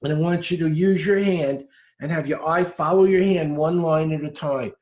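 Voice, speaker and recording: A podcast guest teaching speed reading gives listeners direct, upbeat, step-by-step instructions. His voice is high yet darkish in tone, at normal speed, and the audio echoes as though he's in a bare room.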